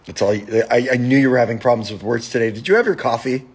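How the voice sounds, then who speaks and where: Speaking fast with a breathy edge and medium pitch, this man hosts a podcast full of casual, foul-mouthed chat. His storytelling is animated, and the more worked up he gets, the more he swears and shouts.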